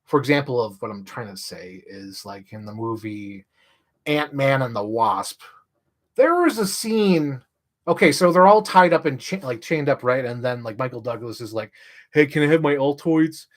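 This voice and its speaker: A man's voice: mid-range voice, normal speed. Rambling young man ranting on a livestream. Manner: rambling, heavy use of "like", restarts mid-sentence; animated, voice jumps up when excited. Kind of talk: casual livestream rant.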